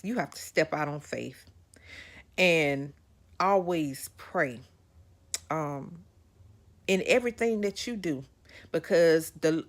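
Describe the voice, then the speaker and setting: A woman hosting a podcast, telling a personal story to her listeners in an animated way, repeating phrases for emphasis. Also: fairly low pitch. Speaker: podcast host.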